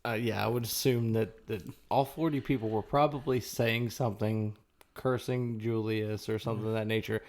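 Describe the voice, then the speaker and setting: A man's voice: on the low side, steady tone, moderate pace, a little mellow. A man co-hosting a casual history podcast, tossing in dry, wry questions and asides. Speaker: podcast co-host.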